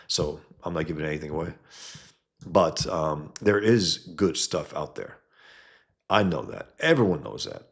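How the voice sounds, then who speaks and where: A man's voice: very deep voice, animated, a little slow, creaky. A man hosting a casual livestream, reading chat comments and rambling bluntly, often trailing off mid-sentence.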